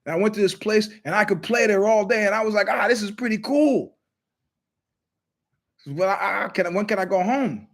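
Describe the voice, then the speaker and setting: A man hosts his own show in a rambling, storytelling monologue from his living room. His voice sits a little higher than most men's. He slips into the voices of the people he quotes. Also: fast talker, hardly any pauses. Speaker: show host.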